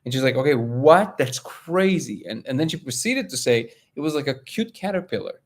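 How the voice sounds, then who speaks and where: A man from Russia hosting a casual live stream, reading viewer comments aloud and telling a story with lively, high-pitched quotes of other people. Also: fast talker. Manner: animated storyteller, jumps up in pitch when quoting others. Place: home, living in LA.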